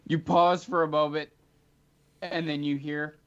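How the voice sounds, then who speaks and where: A man narrating a tabletop game as game master, chatty and animated, with frequent filler ums. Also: a little high, measured pace, noisy background. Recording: dull lo-fi recording.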